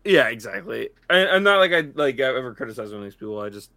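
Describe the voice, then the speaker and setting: A man co-hosting a podcast in animated casual chat, swearing freely and stumbling over his restarts. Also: medium pitch, fast talker, no room sound, studio quality. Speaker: podcast co-host.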